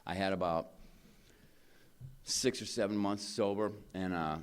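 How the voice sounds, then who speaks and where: A man's voice: low voice, fairly even intonation, a little slow, clean tone. A man speaking at a recovery convention, telling his story in an earnest, rambling way, with lots of "man" and "you know". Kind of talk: personal recovery share. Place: convention stage before a live audience.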